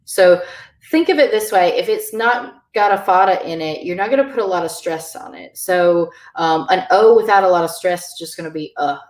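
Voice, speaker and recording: A woman teaching a beginner online language lesson, halting, with many fillers. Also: on the low side, reverberant.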